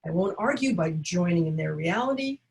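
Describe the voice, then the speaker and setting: A woman's voice: lowish voice, animated, brisk, creaky, darkish tone, rough recording. A woman teaching caregivers, coaching them and acting out short dialogue examples. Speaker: caregiving educator. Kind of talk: instructional talk.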